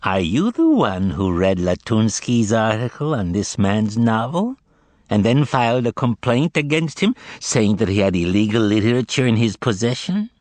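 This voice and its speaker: A man's voice: on the low side, big pitch swings, moderate pace, darkish tone, no echo. A man voicing a cordial but menacing male demon henchman with a nasal twang. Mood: probing.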